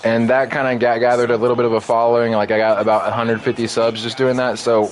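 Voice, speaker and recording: A man streams a football video game, speaking quickly in a mid-range voice with a flat delivery. He chats casually with viewers and his opponent, rambling, full of fillers, and tossing friendly asides to viewers. It's picked up by a desk mic in a home streaming room.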